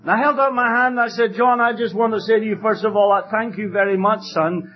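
A man preaching an evangelistic sermon, telling stories fervently and emphatically, with loud exclamations at times. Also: high-pitched, fast talker, dull audio, soft background music.

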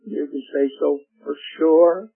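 Slow, gravelly older preacher. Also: male voice, a little high. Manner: slow, gentle, emphatic preaching with rhetorical questions. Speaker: radio preacher. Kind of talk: sermon. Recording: tinny phone-like radio broadcast with faint music.

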